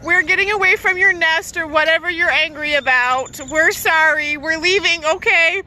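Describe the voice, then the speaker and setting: A woman's voice: very high-pitched, moderate pace, pushed and bright, a little hiss or hum. A woman dog trainer recording a casual vlog outdoors in a park, calling short commands and praise to her dog.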